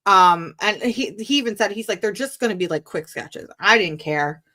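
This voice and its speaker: A woman telling an animated story as a guest on a live-streamed video call interview, acting out the dialogue. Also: mid-range voice, normal speed.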